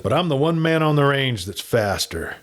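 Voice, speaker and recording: A man voicing a gruff, boastful outlaw gang leader with a rough frontier drawl. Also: medium pitch, sing-song, moderate pace, fairly bright tone, voice pushed up. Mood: menacing.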